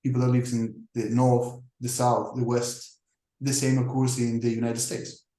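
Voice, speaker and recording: A man lectures through his slides in a slow, measured way, stopping often with small fillers as he explains. His voice sits in a middle range and carries a noticeable room echo. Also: mid-range voice, little pitch movement, dark tone. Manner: deliberate, with frequent pauses and fillers. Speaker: English teacher. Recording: echoey room.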